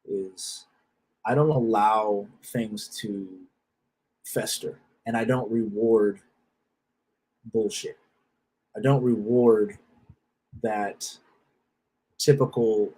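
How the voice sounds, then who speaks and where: Husky man, blunt and profane, repeats himself: self-help speaker. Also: lowish voice, mellow, poor audio. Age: adult with a wife and children. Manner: repeats phrases, restarts. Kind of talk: casual motivational talk.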